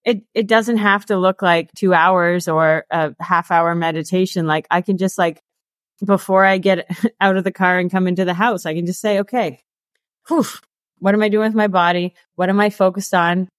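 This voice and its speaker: A woman's voice: fairly low pitch, steady tone, normal speed, dry recording. Chatty thirties woman, interview guest; dry, close-miked sound. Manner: chatty, peppered with "like" and laughs. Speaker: guest, author and coach. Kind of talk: casual interview chat.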